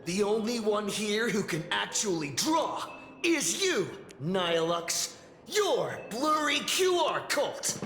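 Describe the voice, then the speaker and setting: A man playing a calm, deductive young character in a video game cutscene. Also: high voice, a little hiss or hum, heavily acted. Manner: measured, deductive. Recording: roomy reverb with game music.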